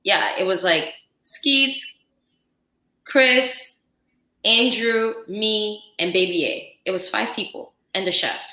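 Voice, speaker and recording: A woman's voice: mid-range voice, takes it slowly. A young woman from Central Africa, a chef and podcast guest, telling a story in casual chat and acting out the dialogue with lots of "like". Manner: animated storyteller, acts out dialogue, frequent "like". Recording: roomy, echoey podcast room.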